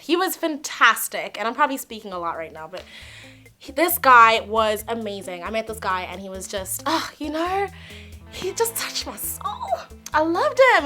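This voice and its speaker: A young woman telling a personal story to camera, animated, blunt and emphatic, swearing at times. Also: high voice. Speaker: vlogger.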